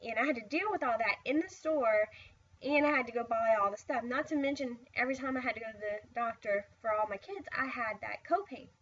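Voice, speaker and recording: A woman's voice: on the high side, a little fast, a bit bright, husky, far from the mic, muffled recording. Tired woman rambling through her story. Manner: tired, rambling, frequent "I was like" asides. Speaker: vlogger. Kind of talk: casual personal storytelling.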